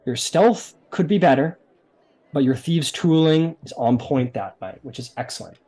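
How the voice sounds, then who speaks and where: A man's voice: on the high side, moderate pace, mellow. Casual, rambling man running a tabletop game. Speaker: game master.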